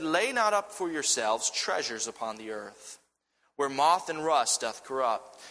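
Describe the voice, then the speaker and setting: Bright-voiced pastor in a reverberant hall. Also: male voice, fairly high pitch. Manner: storytelling, animated, many restarts and fillers. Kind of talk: sermon.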